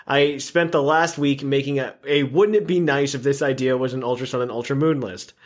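A man's voice: medium pitch, fairly even intonation, fairly quick. A man hosting a casual podcast, upbeat, running segments and reading listener email aloud. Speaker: podcast host.

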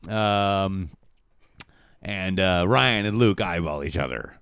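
A man's voice: low-pitched, slow, fairly bright tone, smooth, no echo, studio quality. A man casually recapping a TV episode for a podcast, rambling with lots of filler words and offhand quotes of the characters. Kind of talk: casual chat.

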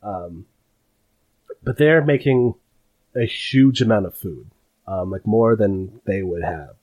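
A man's voice: on the low side, slow, dull audio. A man narrating a tabletop game as game master, rambling with lots of fillers. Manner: rambling, filler-heavy, animated.

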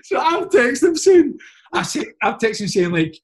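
Lively Scottish man telling stories. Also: extremely high pitch, moderate pace. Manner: animated anecdotes, frequent "mate" and "like". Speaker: former footballer guest. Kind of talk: casual storytelling chat.

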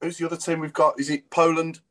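A man's voice: a little high, little pitch movement, fast, a bit bright. A man hosting a casual podcast, asking questions and steering the talk. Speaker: podcast host.

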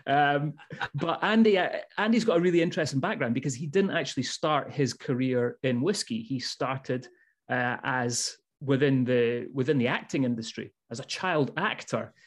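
A man's voice: medium pitch, moderate pace. A man hosting a podcast, chatting casually with upbeat banter and playing the hype man for his guest. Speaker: podcast host. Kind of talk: casual chat.

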